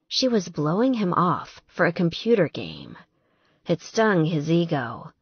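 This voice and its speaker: A woman reads a romance novel as a slow, expressive narrator. Her lowish voice moves a lot in pitch, telling the story with care. The recording is dry and a bit dull. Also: slightly rough, dry recording. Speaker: audiobook narrator.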